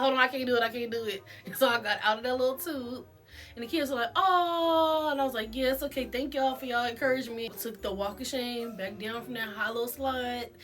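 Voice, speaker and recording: A woman's voice: fairly high pitch, fairly bright tone. A woman vlogger telling a casual storytime, chatty and self-mocking, laughing often as she goes.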